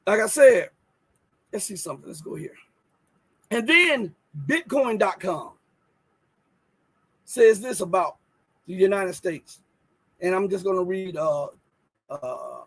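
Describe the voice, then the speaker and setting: High gravelly man hosting live news talk. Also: dry recording, low-quality recording. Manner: emphatic, rhetorical questions, thinks aloud while reading articles. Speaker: host.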